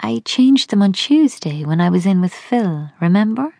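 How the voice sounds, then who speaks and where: A woman's voice: mid-range voice, animated, moderate pace, vocal fry, a little mellow, no echo, studio quality, voice pushed up. A woman voicing a worried adult daughter at her father's bedside, speaking anxiously.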